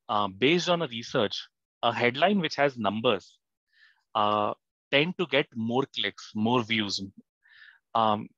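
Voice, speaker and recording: A man's voice: mid-range voice, a bit bright, dry recording, dull audio. A man teaching an online writing class, hesitant and full of fillers and restarts, often putting questions to his students. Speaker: content writing instructor. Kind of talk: live online class lecture. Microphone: online class mic.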